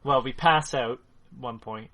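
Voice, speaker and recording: A man's voice: mid-range voice, unhurried, sharp tone. A man co-hosting a casual gaming podcast over a remote call, joking, swearing freely and laughing at his own remarks. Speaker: podcast co-host. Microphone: remote call mic.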